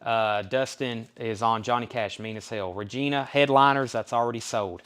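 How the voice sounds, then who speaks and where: Southern male host, mid-pitched, folksy live-sale patter, reels off titles, prices and buyer names. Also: normal speed, fairly bright tone, clean tone. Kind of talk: live-stream sales patter.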